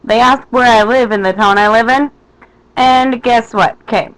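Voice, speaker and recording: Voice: mid-range voice, normal speed, rough recording. Chatty Minnesotan speaking to a webcam. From west central Minnesota. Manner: chatty, animated storytelling with playful asides. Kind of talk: casual vlog chat to a webcam. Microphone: webcam microphone.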